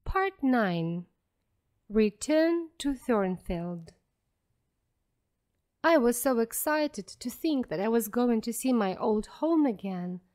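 Woman reading a story for learners real slow, clear and careful, kinda high voice. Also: animated, a little mellow. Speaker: audiobook narrator. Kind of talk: slow graded-reader narration for learners.

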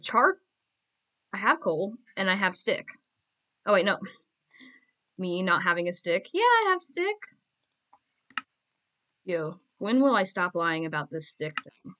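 A woman playing Minecraft gives casual, playful commentary, joking, giggling easily and talking to herself as she plays. Her voice is lowish, bright and forceful, with a measured pace and frequent pauses, and a faint hiss sits behind her.

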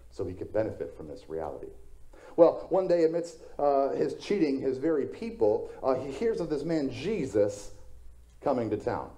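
A man's voice: fairly low pitch, dark tone. A male pastor preaching a sermon in a conversational storytelling way, slipping in self-deprecating jokes.

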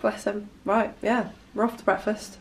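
A young woman chatting casually in a vlog, talking in soft cooing baby talk to a new puppy. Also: mid-range voice, little pitch movement, normal speed, a little hiss or hum. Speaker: vlogger.

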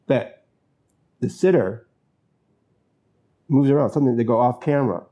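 A man's voice: medium pitch, moderate pace, dark tone. A man hosting his own talk show, musing about films in a loose, rambling way with many fillers and restarts. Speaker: host.

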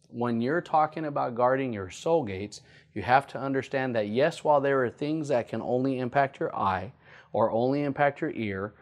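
A male pastor teaching a sermon, often repeating key points and slowing down to stress them. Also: mid-range voice.

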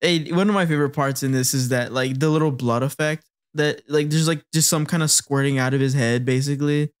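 A man's voice: a little high, fairly even intonation, fairly quick, clean tone. A man co-hosting a podcast, chatting casually and recapping an anime, laughing often and acting out character lines. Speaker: podcast co-host.

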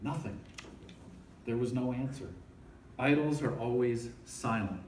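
This man preaches casually to students as a campus ministry speaker, frequently checking in with his listeners. He has a medium-pitched, darkish voice and talks a little slowly. It's recorded from a distance in an echoey room with slight background noise.

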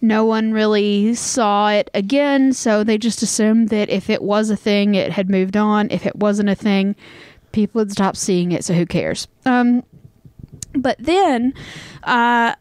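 A woman's voice: mid-range voice, measured pace, darkish tone, smooth, no room sound, clean studio sound. A young woman with a Southern US accent co-hosting a podcast, telling a story in a rambling, casual way full of fillers. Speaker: podcast co-host.

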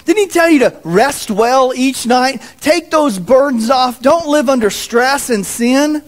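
A man preaching a sermon as a pastor, in an animated, folksy manner. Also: very high-pitched, unhurried. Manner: animated, folksy, acts out quotes.

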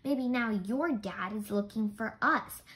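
A woman's voice: on the high side, takes it slowly, a bit bright. A woman reading aloud, voicing an eager, talkative young boy detective in a children's storybook.

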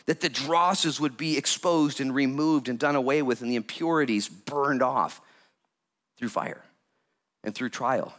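A man preaching a lively sermon as pastor, jokey and animated, with sudden loud bursts. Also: on the high side, moderate pace.

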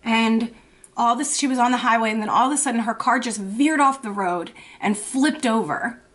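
A woman in her thirties telling a personal story in a confessional makeup vlog, with halting, emotional speech, shaky and anxious. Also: a little high, a bit bright. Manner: halting, emotional storytelling with many fillers and restarts. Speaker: beauty vlogger.

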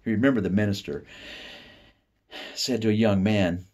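A man from the Appalachian United States reading a short story aloud, with expressive delivery that drops soft and low for inner thoughts. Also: moderate pace, long pauses. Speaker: reader.

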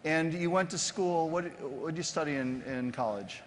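A man's voice: fairly high pitch, moderate pace. A man hosting an on-stage interview, asking jokey leading questions with many fillers. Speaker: host, interviewer. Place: large conference stage before an audience. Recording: long hall reverb with faint background noise.

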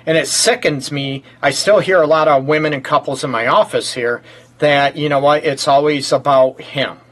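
A man's voice: fairly high pitch, fairly even intonation, normal speed, a bit bright. Joking man hosting a relationship show. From Detroit area, USA. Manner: joking, interjecting. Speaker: host and counselor. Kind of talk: casual chat show.

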